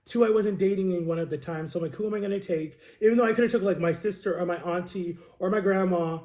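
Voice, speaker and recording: A man's voice: high voice, fast, darkish tone. A young man in his twenties casually telling a personal story to his viewers in a chatty, rambling way, full of "like" and "right?". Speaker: vlogger.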